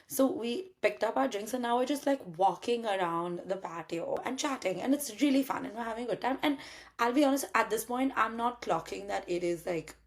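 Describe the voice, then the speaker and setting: A young woman from India, telling a dating story in casual chat, acting out both sides of the dialogue and swearing casually. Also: medium pitch. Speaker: podcast host telling a story.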